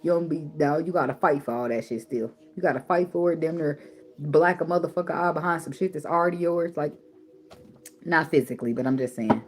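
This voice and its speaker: A woman's voice: sits low, a little fast, a little hiss or hum. A woman giving tarot advice in a blunt, preachy way, swearing freely and repeating words for emphasis. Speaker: tarot reader. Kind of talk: casual spiritual advice monologue.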